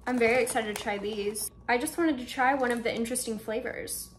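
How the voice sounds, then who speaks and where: A young woman with a fairly high voice talks through her shopping haul in a casual, excited way, thinking aloud as she tries each snack. She is at home, and a faint hum runs under her voice. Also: brisk. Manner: chatty, excited, thinks aloud while tasting. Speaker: vlogger. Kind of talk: casual haul and taste-test vlog. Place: indoors at home, air conditioner running.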